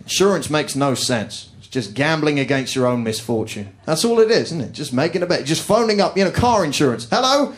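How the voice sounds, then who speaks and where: A man's voice: on the high side, lively intonation, brisk, few pauses. Posh English man ranting in stand-up. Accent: posh southern English. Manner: sarcastic, mock-indignant ranting. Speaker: stand-up comedian. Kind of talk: stand-up routine. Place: comedy club stage before a laughing audience. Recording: live club recording with audience laughter.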